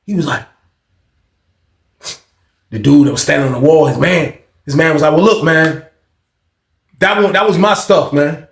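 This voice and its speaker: Male storyteller, slangy and animated, acts out the people in his story, slightly high voice, roomy echo. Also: normal speed, creaky, long pauses. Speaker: storyteller recounting prison life. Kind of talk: casual storytelling.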